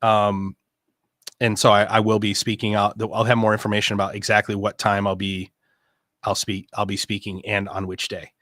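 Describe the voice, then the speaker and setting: Low, bright-voiced middle-aged man. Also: completely flat delivery, normal speed, no room sound, studio quality. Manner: rambling, earnest, full of asides. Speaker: host. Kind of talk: casual livestream talk.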